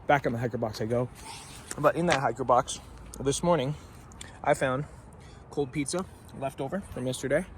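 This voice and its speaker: A man's voice: medium pitch, background noise. A man vlogging casually outdoors at a forest campsite, talking to a handheld camera in a laid-back, slangy way with easy laughs. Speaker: thru-hiker vlogger. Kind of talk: casual trail vlog.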